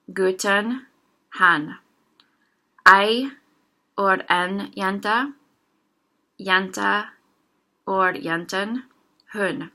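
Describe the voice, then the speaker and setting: A young woman giving a casual language lesson, slowly sounding out single words one at a time for listeners to repeat. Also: mid-range voice, bright, forceful tone. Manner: slow, careful word-by-word pronunciation drills. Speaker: language teacher.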